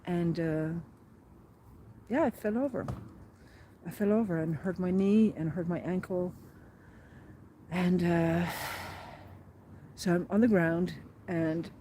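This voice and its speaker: A woman's voice: lowish voice, steady tone, takes it slowly, mellow, a little hiss or hum. A woman telling a personal diary vlog as a pilgrim, earnest and rambling, with many fillers and restarts. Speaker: pilgrim vlogger.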